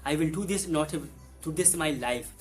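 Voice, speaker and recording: A Hindi-speaking man teaches English vocabulary in simple, broken English, repeating every word twice. His voice is a little high and his pace moderate, with soft music playing in the background.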